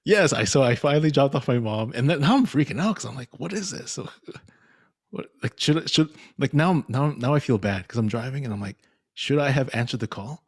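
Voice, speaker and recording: A young man co-hosting a podcast, telling a story in animated casual chat and laughing often. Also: mid-range voice, a little fast, slightly rough, no echo, studio quality. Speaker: podcast co-host.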